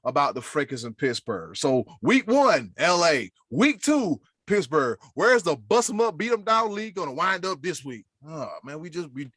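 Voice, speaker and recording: A man riffs on sports news with a lively, bouncing voice that climbs and dips all the time. He talks casually to his co-hosts and drops catchphrases as he goes. The sound is dry and close, with no room around it. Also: on the high side, normal speed, hardly any pauses, no room sound. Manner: animated, playful catchphrases. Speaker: podcast co-host.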